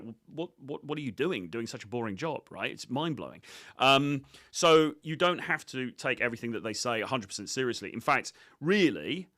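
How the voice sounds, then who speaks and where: A man's voice: medium pitch, sharp tone, dry recording, studio quality. A man coaching on dating, commenting on his own footage in a blunt, cocky, profane way with many fillers.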